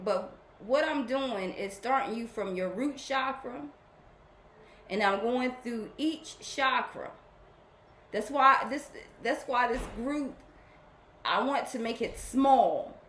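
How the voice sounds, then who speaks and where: A woman's voice: on the high side, a bit bright, reverberant, slight background noise. Rambling, affectionate woman spiritual host. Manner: rambling, repeats herself, affectionate. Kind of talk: casual spiritual talk to followers.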